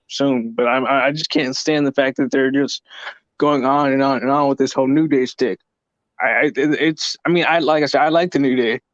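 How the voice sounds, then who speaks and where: A man co-hosts a casual podcast, giving opinions in halting bursts full of stammers and restarts. The recording is dry and dull, like a cheap lo-fi mic. His voice sits at an ordinary middle pitch. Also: no room sound. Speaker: podcast co-host.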